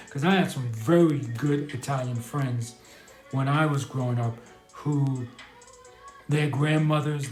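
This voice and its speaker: A man's voice: mid-range voice, a little mellow, roomy sound. A man talking casually on a live stream, rambling and hesitant, with many restarts and apologies as he answers a question. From New York.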